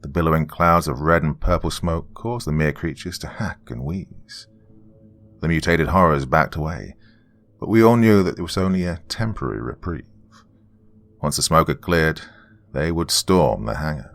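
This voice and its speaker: A man narrating a first-person military horror story in a grave, measured storytelling manner. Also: a bass voice, no room sound. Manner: grave, measured storytelling with shouted quoted lines.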